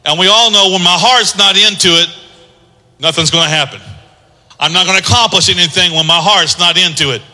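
A man preaching a sermon as pastor, building from quiet teaching to loud, rising exhortation. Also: high voice, fairly quick. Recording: long hall reverb.

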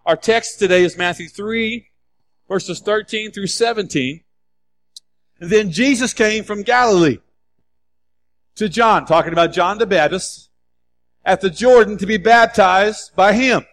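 A male pastor preaching a sermon, animated and emphatic, acting out scripture dialogue and repeating key words. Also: high-pitched, measured pace, long pauses.

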